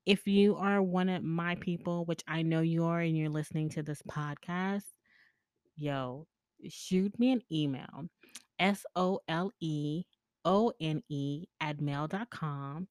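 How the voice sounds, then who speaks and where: A woman's voice: low-pitched, slow, a little mellow, smooth, no room sound. Chatty woman podcast host, dry sound. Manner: candid and chatty, laughs often, swears freely. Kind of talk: casual storytelling monologue.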